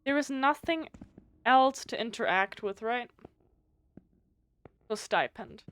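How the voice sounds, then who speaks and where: A woman whose first language is German, streaming a game live, reading its text aloud and thinking out loud, often stumbling over words and restarting. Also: a little high, expressive, takes it slowly, smooth, dry recording.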